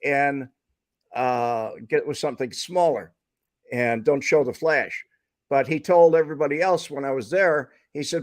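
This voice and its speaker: Male interview host with a fairly high voice, looks back on old times, dry recording. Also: dry recording. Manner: reminiscing about the old days. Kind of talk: casual interview chat.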